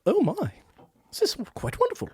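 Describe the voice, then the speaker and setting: A man putting on the voice of a prim elderly queen with a high fluty posh voice. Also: huge pitch swings, normal speed, a little mellow, no room sound, heavily acted. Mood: delighted.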